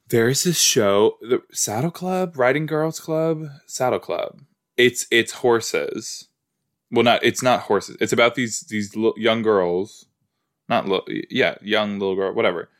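A man's voice: medium pitch, slow pace. A man hosting a podcast, chatting casually and reacting aloud to a show as he watches it, with rambling asides. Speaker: podcast host.

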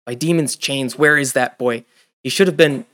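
A man's voice: mid-range voice, normal speed, fairly bright tone, close to an everyday voice. Man doing an impatient, snobbish temple official. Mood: irritated. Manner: impatient, haughty.

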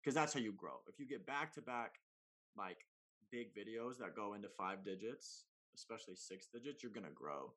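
A man who makes comedy videos, talking in a casual, slangy, animated way on a podcast, with big swings in pitch and loudness. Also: normal speed. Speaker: comedy content creator guest.

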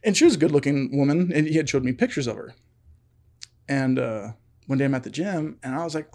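A man's voice: fairly high pitch, lively intonation, quick pace, darkish tone. A young man telling a long story on a casual podcast chat, full of fillers, laughing often. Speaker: podcast co-host.

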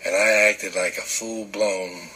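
A man doing a slow, deep monster truck announcer voice as a comedy podcast bit. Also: fairly even intonation, rough recording. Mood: booming.

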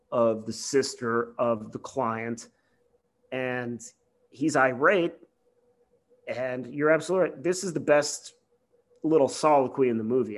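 A man co-hosting a podcast, a lawyer talking casually through a film, animated and sweary with long winding explanations. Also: mid-range voice. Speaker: podcast co-host.

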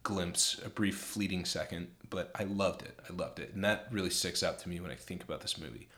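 A man's voice: low-pitched, fairly quick, fairly bright tone. A young man co-hosting a film review podcast, chatting casually and rambling with lots of fillers. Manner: rambling, many fillers, enthusiastic. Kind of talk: casual chat.

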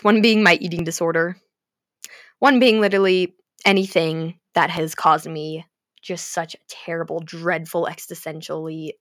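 A young woman gushing about a book to her viewers, swearing freely and swinging between gasps, whispers and shouts. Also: on the low side, no room sound, clean studio sound. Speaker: fanfiction vlogger. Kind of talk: emotional casual rant about a book.

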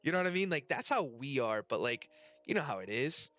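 A man hosting a casual podcast chat, animated and profane, with lots of slang. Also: medium pitch, brisk. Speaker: podcast host and restaurant worker. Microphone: webcam and desk mic.

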